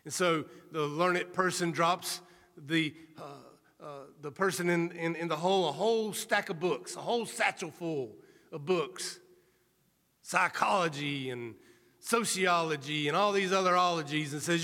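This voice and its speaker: A male preacher giving an earnest sermon, telling a story in a measured, storytelling manner. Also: on the high side, pushed and bright. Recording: reverberant hall.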